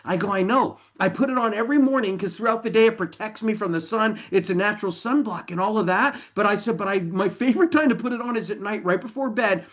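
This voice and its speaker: A man, a company leader, telling an animated story to an online meeting and acting out the dialogue. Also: sits high, fast, few pauses, dull audio. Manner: energetic, enthusiastic, acts out dialogue.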